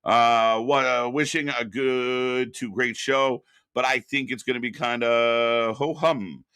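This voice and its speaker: Bright, chatty man hosting a live stream. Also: mid-range voice, fairly even intonation, slow, clear, resonant tone, no room sound, studio quality. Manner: loose and chatty, greets viewers in the chat by name. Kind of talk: casual live reaction chat.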